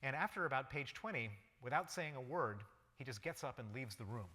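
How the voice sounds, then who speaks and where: A man's voice: mid-range voice, expressive, fairly quick, bright, forceful tone. A man giving a public lecture, recounting a personal story vividly in the present tense. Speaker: guest lecturer. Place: lecture hall. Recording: long reverb of a lecture hall.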